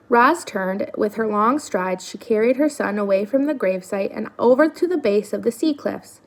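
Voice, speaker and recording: A woman reading a children's novel aloud in steady storytelling narration. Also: mid-range voice, normal speed, hardly any pauses. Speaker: reader.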